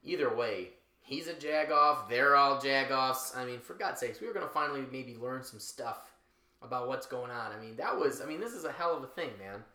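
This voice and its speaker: Man, bright voice, jokey banter, echoey room. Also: medium pitch, expressive, moderate pace. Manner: joking, laughs often, trails off into restarts. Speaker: podcast co-host. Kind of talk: casual banter.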